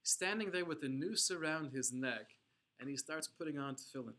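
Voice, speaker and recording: A man's voice: fairly high pitch, expressive, moderate pace, sharp tone. A man teaching a religious class, telling a story dramatically and with emphasis, using Hebrew and Yiddish terms. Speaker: Torah teacher.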